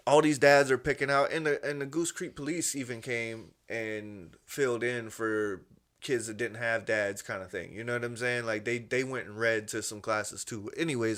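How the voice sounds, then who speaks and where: A man's voice: medium pitch, a bit bright. Casual, rambling man telling a story. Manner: rambling, profane storytelling with "you know what I'm saying". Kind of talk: casual podcast chat.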